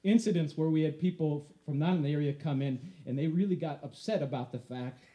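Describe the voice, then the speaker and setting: Male storyteller with a high, mellow voice, lively with a live audience. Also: brisk. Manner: animated, laughing through the story.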